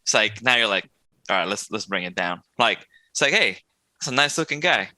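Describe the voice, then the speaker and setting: A man's voice: lowish voice, expressive, brisk, sharp tone, no room sound. A man co-hosting a casual podcast, explaining his point in a laid-back way. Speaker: podcast co-host.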